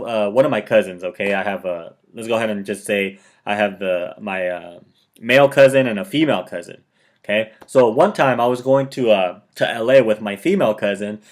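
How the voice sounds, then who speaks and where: A man talking casually to the camera, giving motivational advice and telling personal stories, often checking in with his viewers. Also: medium pitch. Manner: conversational, keeps checking in with "okay?"; chatty storyteller who quotes himself and others. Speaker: motivational video host.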